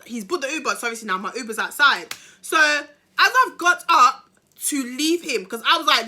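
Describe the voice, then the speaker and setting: Bright-voiced woman telling a story. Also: a little high, fairly quick, slight background noise. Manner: animated, slangy, acts out the people in her story. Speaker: vlogger. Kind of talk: storytime vlog.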